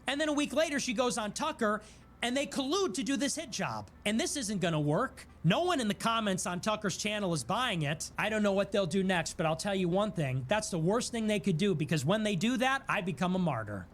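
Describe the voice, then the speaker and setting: High-voiced, animated, indignant male host. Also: brisk. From Chicago. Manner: indignant and sarcastic, rising to defiant outbursts. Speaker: political livestream host. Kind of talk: impassioned political monologue.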